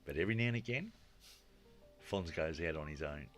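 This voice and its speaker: A man's voice: very deep voice, fairly quick, faint music behind. A man telling a long story in casual chat, acting out what people said and dropping in "you know" often. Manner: animated storyteller, acts out quotes, frequent "you know". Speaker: guest storyteller.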